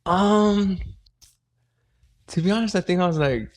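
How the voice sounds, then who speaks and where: A man's voice: high voice, unhurried. Young adult man, fighter guest, casual chat, humble and laid-back.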